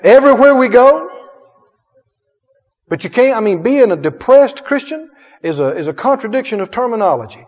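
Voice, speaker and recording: A man's voice: extremely high pitch, sing-song, moderate pace, pauses often, a little mellow. A male pastor preaching with emphatic call-and-response and frequent chuckles. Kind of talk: sermon. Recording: echoey hall, dull sound.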